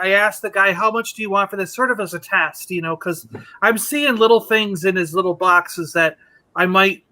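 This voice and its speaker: A man chatting casually on a show, telling an animated story and acting out the quotes. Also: high voice. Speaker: podcast co-host. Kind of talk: casual chat.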